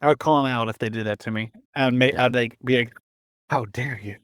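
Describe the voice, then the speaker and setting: A man's voice: medium pitch, fairly even intonation, fast, clear, resonant tone, dry recording, studio quality. Easygoing man, casual podcast guest.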